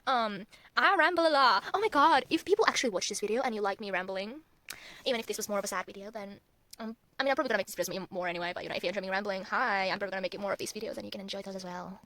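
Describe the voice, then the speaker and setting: A woman's voice: medium pitch, rapid-fire, fairly bright tone, no room sound. A young woman rambling casually in a phone-recorded vlog, swearing often. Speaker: vlogger.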